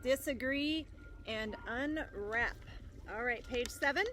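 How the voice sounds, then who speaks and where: A woman teaching a remote reading lesson to young students, upbeat and encouraging, reading aloud slowly and carefully, recorded on a laptop microphone outdoors in her garden with wind noise. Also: on the high side. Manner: slow, careful read-aloud delivery.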